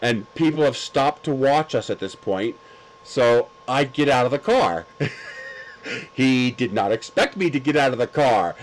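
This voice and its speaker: A man's voice: medium pitch, lively intonation, normal speed, rough recording. Laughing, crude-joking man streamer. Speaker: livestream host. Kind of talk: casual livestream chat.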